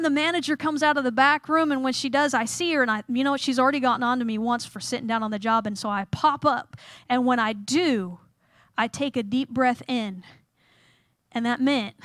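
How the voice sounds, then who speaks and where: A woman's voice: fairly high pitch, a bit bright, dry recording, studio quality. A woman giving a humorous chapel sermon, telling self-deprecating stories and acting out scenes. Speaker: chapel speaker.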